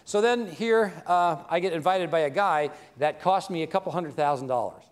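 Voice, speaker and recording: A man with a voice a touch higher than most men tells a personal story to an audience. He talks in a loose, conversational way. He keeps pausing to check that his listeners are following him. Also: smooth. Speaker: speaker at a business event. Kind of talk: motivational storytelling talk.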